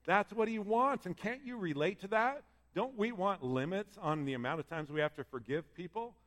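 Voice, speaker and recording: A man's voice: high-pitched, animated, normal speed, fairly bright tone. Man preaching in a reverberant hall. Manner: earnest, conversational preaching, reads scripture aloud. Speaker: pastor. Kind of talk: sermon.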